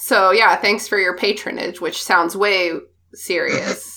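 A young woman hosts a podcast in casual chat. She jokes and makes quick asides as she goes. Her voice sits at a middle pitch. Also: gravelly, pushed and bright. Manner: chatty, joking, quick asides. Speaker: podcast host.

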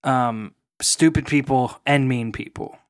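A man's voice: mid-range voice, takes it slowly, clean tone, no echo, studio quality. A man co-hosting a podcast, talking in a wry, mock-complaining way in casual chat. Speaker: podcast co-host.

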